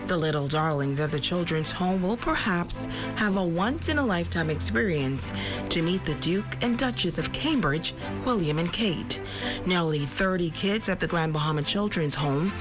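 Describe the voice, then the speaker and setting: A woman's voice: on the low side, animated, moderate pace, music in the background. Woman reading a polished news voice-over. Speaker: news reporter.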